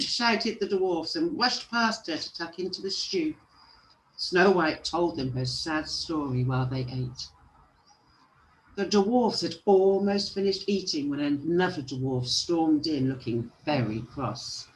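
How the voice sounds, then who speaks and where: A storyteller reading a children's picture book aloud with expressive delivery. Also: mid-range voice, slow pace, low-quality recording.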